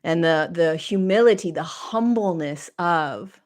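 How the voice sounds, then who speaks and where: Slow, searching woman with a low voice. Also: darkish tone. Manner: slow, searching, halting and emotional. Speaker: podcast host. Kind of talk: reflective spiritual monologue.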